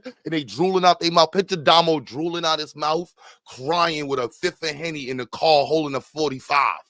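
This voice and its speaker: A man with a fairly high voice rants his way through a comedy podcast. The sound is dry and close-miked, and he swings from chatter into sudden loud outbursts. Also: normal speed, dry recording. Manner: animated, bursts into loud outbursts. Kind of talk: comedic rant.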